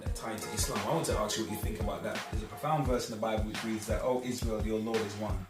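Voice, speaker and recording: Fast-talking male host. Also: on the low side. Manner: conversational, lively, many fillers. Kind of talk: religious discussion. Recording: echoey room, far from mic, loud music behind.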